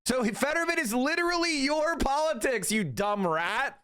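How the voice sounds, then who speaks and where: A man's voice: extremely high pitch, animated, moderate pace, bright, forceful tone, clean tone. A man hosting a casual livestream, reacting to clips with profane, heated, mocking rants. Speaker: streamer host.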